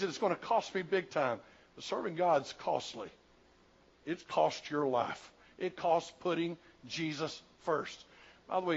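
This is a man in his sixties from the Southern United States, preaching a sermon in a church. His voice sits somewhat high and swings between loud, quick bursts and hushed, slow stretches. The recording is dull and lo-fi. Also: creaky. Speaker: pastor. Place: church sanctuary.

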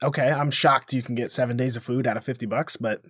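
A man's voice: mid-range voice, fairly even intonation, quick pace, fairly bright tone, slightly rough, no room sound, clean studio sound. A man co-hosting a podcast, chatting casually and teasing his co-host. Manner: teasing, laughs often. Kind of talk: casual chat.

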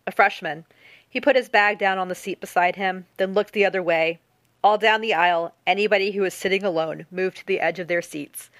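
A woman narrating a novel in a steady audiobook reading. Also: fairly low pitch, no room sound. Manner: even, steady storytelling.

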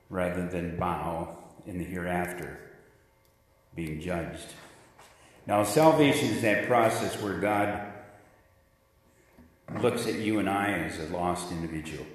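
A man preaching a sermon as pastor, with emphatic delivery that repeats key words. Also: deep voice. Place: church. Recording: echoey church hall from far off.

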